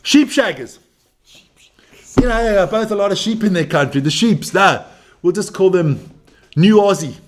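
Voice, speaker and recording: A fairly high-voiced man runs a live rugby watch-along. His talk is brash and loose, full of swearing, teasing and jokes, and he keeps turning to talk to his viewers. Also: normal speed, pauses often. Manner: brash, profane, joking banter; chatty, talks to viewers and people nearby. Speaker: live stream host.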